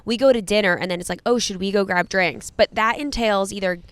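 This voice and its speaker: Woman in her 30s chatting on a podcast, smooth clear voice, dry close mic, laughs a lot. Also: mid-range voice, fairly quick, no room sound. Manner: chatty, laughs and cries easily. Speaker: podcast co-host. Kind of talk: casual chat.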